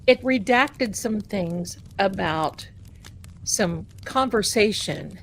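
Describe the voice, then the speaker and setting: Slow-talking sarcastic woman with a Boston accent. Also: medium pitch, slight background noise. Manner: animated, sarcastic, repeats phrases for emphasis. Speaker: tarot livestream host. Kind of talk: casual livestream commentary.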